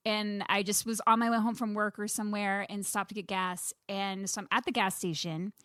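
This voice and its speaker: Female podcast host with a bright, higher voice and a dry close-mic sound. Curious and reactive. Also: level tone, a little fast, dry recording. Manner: reactive, laughs and gasps, curious. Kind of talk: casual interview chat.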